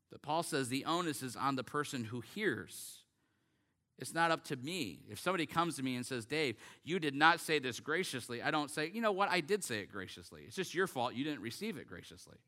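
A male pastor delivers a sermon with an earnest, emphatic manner. His voice is bright and forceful, sitting at an ordinary middle pitch. He draws out the scripture readings slowly for weight. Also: animated.

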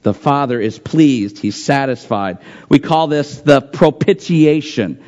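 A man's voice: medium pitch, expressive, a little slow, a little mellow, dull audio. A man preaching a sermon, reading scripture aloud and repeating phrases for emphasis in an earnest pulpit manner. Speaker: pastor.

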